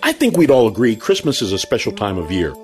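Man, announcer, lowish voice, lively intonation, soft music underneath. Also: fast talker. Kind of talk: scripted introduction. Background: music bed.

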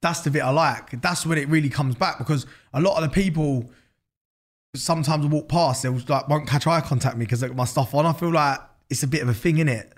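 A man's voice: on the high side, a little fast. A man with a London accent, a guest in an interview, talking loosely with lots of slang, fillers and swearing. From England. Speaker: guest, business founder. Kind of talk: casual interview chat.

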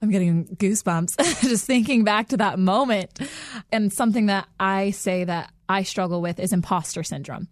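A woman's voice: mid-range voice, normal speed, dry recording, studio quality. A young woman answering interview questions in an earnest, heartfelt way, laughing lightly between sentences. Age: young adult. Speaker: guest. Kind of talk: interview answers, personal story.

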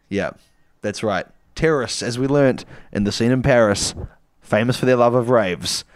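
A man's voice: medium pitch, normal speed, slight background noise. A man co-hosting a comedy podcast, narrating an improvised story in a rambling, playful way with frequent laughs.

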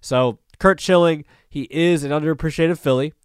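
A man's voice: fairly high pitch, moderate pace, clean tone, no room sound, clean studio sound. A man hosting a solo sports podcast, talking loosely and conversationally, with plenty of fillers and restarts. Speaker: podcast host. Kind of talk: casual solo sports talk.

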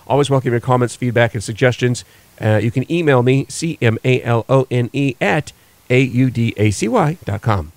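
A man's voice: mid-range voice, animated, moderate pace, darkish tone, dry recording. A man hosting a radio morning show recap, explaining things in a casual way with plenty of fillers and restarts. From western United States.

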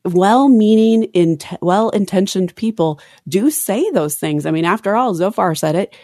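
With a mid-range voice and a measured pace, a podcast co-host casually discusses a Bible reading, expressively quoting scripture aloud and cutting herself off mid-thought. The recording has studio quality and no echo.

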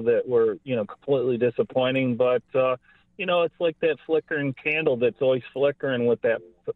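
A man's voice: medium pitch, no room sound. A man in his fifties from Buffalo, calling into a radio show and talking earnestly in a rambling way, full of "you know.". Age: 50s. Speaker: caller. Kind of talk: call-in radio chat. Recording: tinny phone line, dry.

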